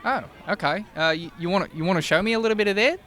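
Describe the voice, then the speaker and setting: A man's voice: high voice, rapid-fire, pushed and bright. A man playing a clueless trainee outdoors, hesitant and bumbling, full of fillers. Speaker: clueless trainee in a comedy bit.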